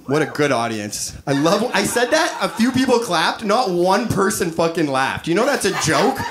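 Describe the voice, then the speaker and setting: A man in his thirties doing a stand-up comedy set, animated, acting out quoted voices and laughing at his own jokes. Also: sits high, moderate pace, crowd noise. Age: 30s. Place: live comedy venue with audience. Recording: live stage recording with audience noise.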